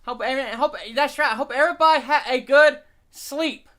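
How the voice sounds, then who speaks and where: A man's voice: extremely high pitch, moderate pace, pushed and bright. A man hosting a live stream, rambling and profane while he reads the chat and eats.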